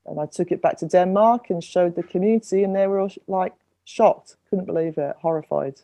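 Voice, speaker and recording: Earnest woman, soft dark voice. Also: lowish voice, a little fast. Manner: earnest storytelling with frequent restarts and stammers. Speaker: singer-songwriter and refugee advocate, podcast guest. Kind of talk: conversational podcast interview.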